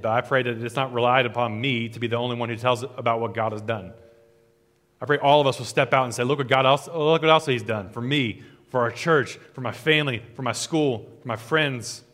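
A man, a pastor, preaching a sermon and leading a closing prayer, earnest and rhythmic, with his phrases falling softer at the ends. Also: medium pitch. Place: church sanctuary. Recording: long hall reverb.

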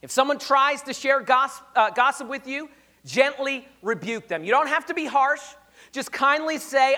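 A pastor preaching a sermon, emphatic and conversational with rhetorical questions, slightly hoarse. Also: male voice, very high-pitched, moderate pace, sharp tone.

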